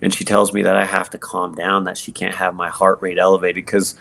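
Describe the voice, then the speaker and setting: A man with a low voice and a gravelly edge tells his own story as a podcast guest. He speaks, earnest and halting, circling back over his words with fillers and restarts. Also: completely flat delivery, a bit bright. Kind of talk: personal testimony in conversation.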